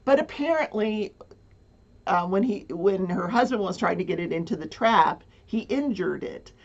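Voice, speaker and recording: Speaking at a moderate pace in an expressive, medium-pitched voice, a woman livestreamer rambles through a personal story. She's flustered, filling gaps with lots of fillers and nervous laughter, and the lo-fi audio sounds dull.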